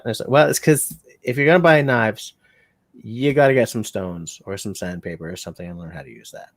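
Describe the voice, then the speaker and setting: A man's voice: mid-range voice, expressive, fast, no echo. Dry, rambling man hosting a livestream. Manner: rambling, joking, self-mocking. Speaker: bushcraft channel host. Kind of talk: casual livestream chat.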